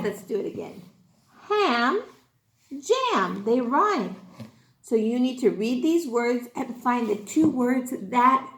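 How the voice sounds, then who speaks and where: Woman, kindergarten teacher, slow and encouraging, sing-song, echoey room. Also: high voice. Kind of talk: recorded online class lesson.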